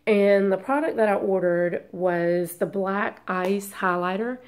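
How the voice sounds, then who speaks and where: A woman's voice: medium pitch, measured pace, a little mellow. Congested woman rambling to camera. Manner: rambling, hesitant, apologetic. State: congested from a long illness. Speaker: beauty vlogger. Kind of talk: casual chat to camera.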